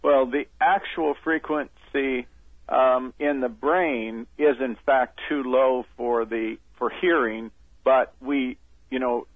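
A man's voice: mid-range voice, fairly even intonation, slow pace, dry recording. A man being interviewed as a phone-in guest, hesitant with many ums as he explains things step by step. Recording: phone line.

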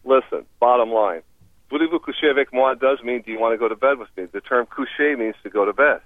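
Calling in to a radio interview, this male language expert explains foreign phrases in a cheerful, instructive way, with laughter coming easily. His mid-range voice moves at a quick pace, and the recording is dry, carried over a tinny phone connection.

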